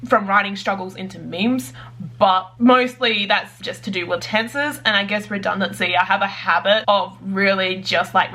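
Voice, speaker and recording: Bright, bubbly woman chatting to camera. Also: medium pitch. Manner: chatty and bubbly, full of "like" fillers. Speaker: writer vlogger. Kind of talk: casual chat to camera.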